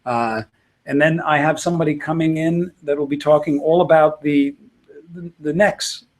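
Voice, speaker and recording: A man's voice: on the high side, steady tone, moderate pace. A middle-aged man, a guitarist, answering interview questions in a loose, rambling way with many fillers and restarts. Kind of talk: casual interview talk.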